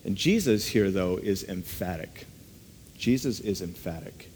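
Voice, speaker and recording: A man's voice: sits low, lively intonation, a little slow, darkish tone, a little hiss or hum. A man preaching a sermon in an earnest, conversational way, often turning statements into rhetorical questions. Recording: long reverb of a large hall.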